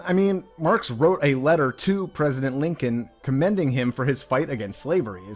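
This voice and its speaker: A young man reviewing a book in a casual commentary video, talking in a sarcastic, mocking way. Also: medium pitch.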